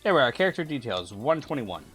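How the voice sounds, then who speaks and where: A man streaming while he runs a tabletop game. He talks at a middle pitch and rambles off topic. He stumbles over words and restarts a lot, with faint music behind him. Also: very animated, fast talker, a bit bright, husky. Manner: rambling, stammering restarts, easily sidetracked.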